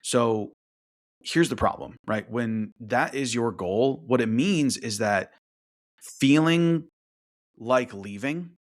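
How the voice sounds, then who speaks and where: Hosting a relationship podcast, a man works through his point in a slow, casual monologue, tacking "right?" onto many sentences. When he acts out other people's thoughts, he shifts into a higher voice.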